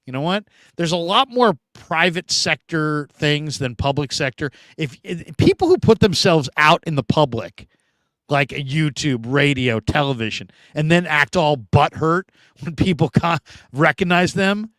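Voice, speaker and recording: Lively talkative man host. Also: on the high side, moderate pace, dry recording. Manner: animated, talkative, swings between loud bursts and quiet asides. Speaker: sports show host. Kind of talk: casual live-stream chat reading comments.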